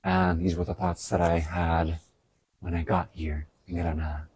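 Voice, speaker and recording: A man talking in a casual stream-of-thought vlog, animated, swearing often and laughing at his own stories. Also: sits low, normal speed, breathy edge. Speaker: vlogger.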